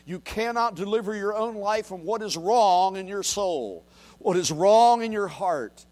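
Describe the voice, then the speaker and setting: High, lively-voiced preacher. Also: male voice, measured pace. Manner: swings from quiet murmurs to loud raised declarations; reads scripture aloud and asks the congregation to repeat. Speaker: pastor. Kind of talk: sermon.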